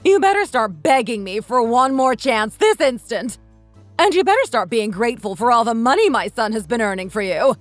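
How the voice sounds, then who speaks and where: A woman's voice: a little high, sing-song, normal speed, dry recording, faint music behind. A woman voicing a spiteful, domineering mother-in-law around sixty who scolds and insults, in a dramatized text-story reading. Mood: indignant.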